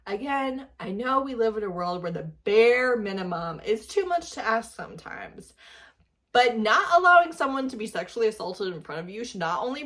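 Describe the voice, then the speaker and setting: Exasperated woman ranting with lively pitch. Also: normal speed. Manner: exasperated, incredulous, emphatic repetition. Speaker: book reviewer reacting to videos. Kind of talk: reaction rant.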